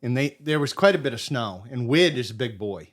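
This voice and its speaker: A middle-aged man from Maine, a podcast guest telling a casual hunting story in an animated way and acting out what people said. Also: medium pitch, fairly quick. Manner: animated storyteller who acts out quotes.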